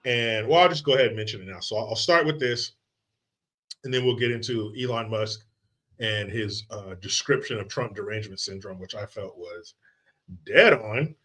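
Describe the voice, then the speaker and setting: A man's voice: on the low side, normal speed, a bit bright. A man hosting a live commentary stream, ranting in a casual, mocking and profane way. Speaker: livestream host.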